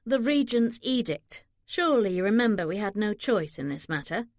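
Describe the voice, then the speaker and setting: A woman's voice: mid-range voice, animated, normal speed, no echo, lightly acted. A woman voicing a shrewd middle-aged mother with a dry, muttering way of talking. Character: shrewd mother managing her old husband.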